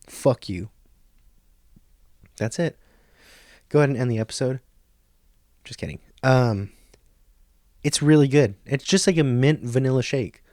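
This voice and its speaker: A man in his thirties ranting through a comic podcast monologue, swearing freely and flipping between hushed documentary-style whispers and loud outbursts. His voice sits at an ordinary middle pitch. The sound is dry and close, with no room around it. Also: unhurried, long pauses, no echo. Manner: profane, ranting, mock nature-documentary whispers. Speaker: podcast host. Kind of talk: comedic monologue.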